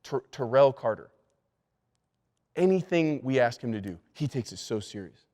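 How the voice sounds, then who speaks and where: A male pastor at a middle pitch teaches church staff in an emphatic, conversational way. He stumbles and restarts his sentences and repeats his key words for emphasis. His voice rings out with the long reverb of a church hall. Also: moderate pace, pauses often, mellow. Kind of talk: leadership lesson to church staff.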